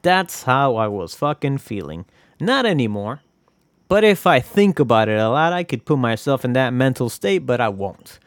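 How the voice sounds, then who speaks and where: A man's voice: mid-range voice, big pitch swings, moderate pace, no echo, clean studio sound. A young man hosting a podcast, talking in a casual, confessional ramble full of swearing and self-mocking jokes. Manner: profane, joking, rambling. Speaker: podcast host.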